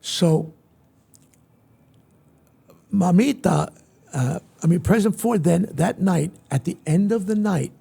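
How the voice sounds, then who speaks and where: Older male guest, gravelly and husky, high lively storyteller who jumps into other people's voices. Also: slow pace, long pauses. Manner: acts out quoted voices with big pitch swings. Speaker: interview guest, veteran entertainer. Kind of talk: animated storytelling in an interview.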